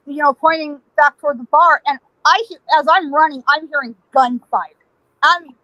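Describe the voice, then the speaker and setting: High bright animated woman storyteller. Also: normal speed, dry recording, low-quality recording. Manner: lively, laughing, acts out voices in her story. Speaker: podcast guest, psychic.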